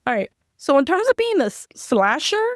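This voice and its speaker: A woman's voice: high voice, big pitch swings, normal speed, no room sound, studio quality. A woman hosting a film podcast, chatting animatedly and acting out quotes, with a few restarts. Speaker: podcast host. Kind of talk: casual film review chat.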